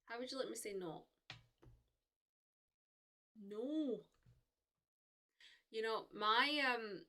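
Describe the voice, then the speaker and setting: A woman's voice: medium pitch, pushed and bright. A young woman from the UK chatting casually with viewers on a live stream, rambling with lots of fillers and restarts.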